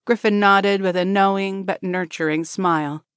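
A woman narrating a story in a steady, even audiobook reading. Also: mid-range voice, normal speed, no room sound, clean studio sound.

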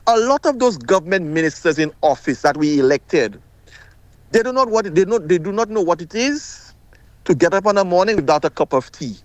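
A middle-aged man calls in to a radio talk show, his high-sitting voice animated and brisk, with no echo. His speech is impassioned and emphatic, and he often repeats himself.

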